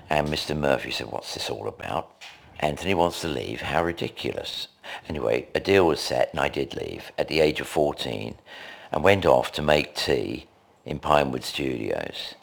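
Very deep, gravelly older man. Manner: animated, rambling anecdotes. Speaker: guest. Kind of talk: radio interview storytelling. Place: indoor recording location.

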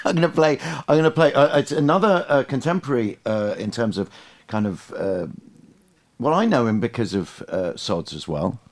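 Male radio host, medium pitch, easygoing interviewer with brief affirming replies. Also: animated, normal speed. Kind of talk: casual interview chat.

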